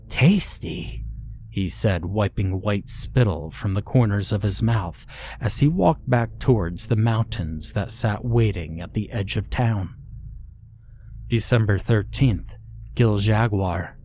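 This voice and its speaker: A man narrates a horror story in a deliberate, measured way. His voice sits low, and he takes his time over every line. A faint hiss runs underneath the recording. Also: mellow.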